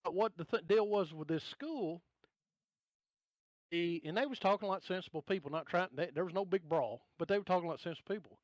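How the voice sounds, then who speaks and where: Southern guy w a drawl, high voice, ranting n cracking jokes, real dry sound. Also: a little fast, no echo. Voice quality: drawling, gravelly-toned. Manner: ranting, animated, blunt and joking. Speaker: podcast guest. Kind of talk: casual chat.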